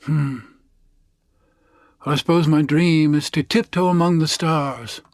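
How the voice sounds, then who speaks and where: A man's voice: fairly high pitch, fairly even intonation, measured pace, darkish tone, no echo, studio quality, natural voice. A man voicing an earnest, matter-of-fact young woman in her late twenties, an engineering student, in a told story.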